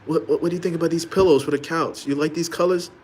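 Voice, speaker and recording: A nervous, fawning husband stumbles over his words, pitched well above his usual speech and pushed a little louder, as a man puts him on. He hedges every question and is plainly eager to please. The background carries a faint hiss. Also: steady tone, fast, close to an everyday voice. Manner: stammering, hesitant, fawning.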